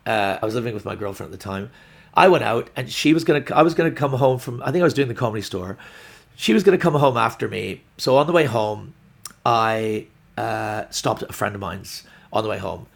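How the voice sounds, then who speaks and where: Gravelly man telling a rambling story. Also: lowish voice, a little fast. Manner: rambling, animated storytelling with restarts and acted-out quotes. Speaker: comedian. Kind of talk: storytelling on a podcast.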